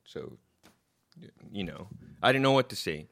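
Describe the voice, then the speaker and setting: A man casually telling a story into his own microphone, animated, swearing and repeating words as he gets worked up. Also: sits low, measured pace, pauses often.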